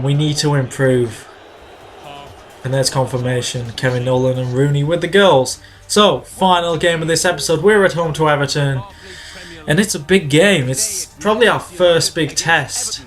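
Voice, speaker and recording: A man hosting a gaming video, giving chatty play-by-play of his own match and breaking into excited shouts when goals go in. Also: fairly high pitch. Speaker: gaming channel host. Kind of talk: video game commentary.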